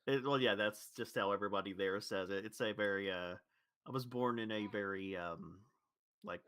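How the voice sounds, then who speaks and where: A man's voice: fairly low pitch, moderate pace, a bit bright, clear, resonant tone, no echo. A man from Louisville with a neutral, accentless American voice, chatting casually and rambling through restarts and corrections. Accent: neutral General American. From Louisville, Kentucky. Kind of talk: casual chat.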